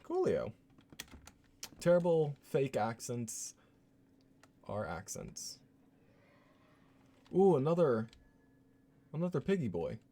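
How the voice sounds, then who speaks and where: A man's voice: medium pitch, big pitch swings, slow, pauses often, mellow. A man playing a horror game live, joking and laughing as he reads notes aloud in a put-on voice. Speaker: streamer.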